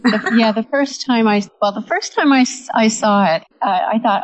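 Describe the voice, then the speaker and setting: A woman's voice: on the high side, moderate pace. A woman in a casual chat, thoughtful and rambling with restarts. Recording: dull lo-fi sound.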